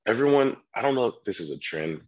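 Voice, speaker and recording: A man from California, a sommelier guest, chatting casually and telling animated stories, acting out customers' voices. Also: mid-range voice, moderate pace, muffled recording. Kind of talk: casual chat.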